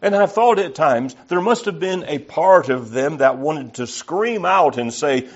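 A man's voice: fairly high pitch, animated, unhurried. A man preaching an earnest, emphatic sermon and reading scripture aloud. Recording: slightly dull lo-fi recording.

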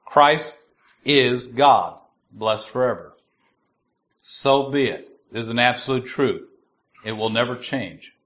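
A man giving a sermon. He reads scripture slowly and stresses its key words. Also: mid-range voice, expressive, fairly bright tone, highs cut off. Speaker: preacher.

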